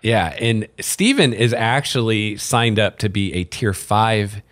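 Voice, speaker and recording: A male podcast host with a lowish voice talks in a relaxed, chatty way, dropping casual fillers and a bit of dry sarcasm. His voice is recorded close and dry. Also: takes it slowly, no room sound. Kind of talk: casual chat.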